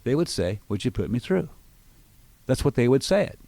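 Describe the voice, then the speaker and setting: A man's voice: medium pitch, sing-song, normal speed, vocal fry, warm tone, dry recording. A middle-aged man, a sales trainer hosting a radio business show, explaining with confidence and acting out phone lines. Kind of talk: radio business talk, coaching. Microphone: studio microphone.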